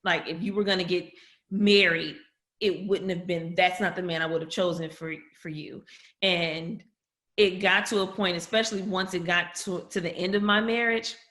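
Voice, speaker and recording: Her fairly low, steady voice is a bit bright, moving at a moderate pace with a roomy sound. As a podcast guest, she shares a family story openly and emotionally, voicing other people's words herself.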